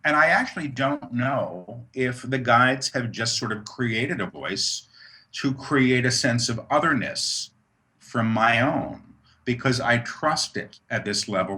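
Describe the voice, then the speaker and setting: A man's voice: mid-range voice, sharp tone. A man speaking as an interview guest, talking about his work in an earnest, reflective way, with frequent restarts and "you know"s. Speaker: guest, author and medium. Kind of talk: conversational interview.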